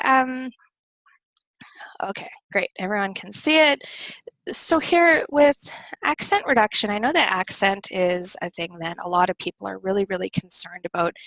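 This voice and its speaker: A young American woman runs a live online English class through her computer mic. She talks in an easygoing, chatty way. The sound is dry and close, with no room echo. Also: mid-range voice. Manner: relaxed, conversational and personal. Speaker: English teacher.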